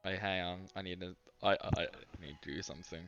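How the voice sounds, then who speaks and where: A man's voice: low-pitched, fairly even intonation, quick pace, fairly bright tone, smooth, dull audio, faint music behind. A man reading a game's narration aloud with a wry, teasing manner, stumbling over words now and then. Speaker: friend reading narration on a stream. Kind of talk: reading game narration aloud, casual chat.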